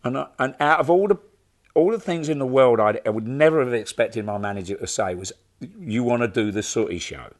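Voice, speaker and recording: An older man telling an animated, laughing anecdote as an interview guest. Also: medium pitch, fairly quick. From London. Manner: animated, laughing, acts out other people's voices. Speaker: interview guest, rock drummer. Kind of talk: anecdotal storytelling.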